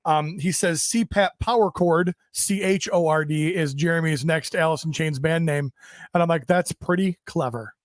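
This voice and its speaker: A man's voice: a little high, normal speed, dry recording, clean studio sound. A man co-hosting a podcast, casually joking and reading out viewer comments. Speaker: podcast co-host.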